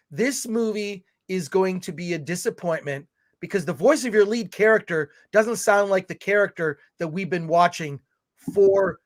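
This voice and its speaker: Ranting livestream co-host, male, high voice, animated delivery. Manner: animated, ranting, reads viewer comments aloud. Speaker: podcast co-host reading chat. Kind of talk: livestream film chat, ranting.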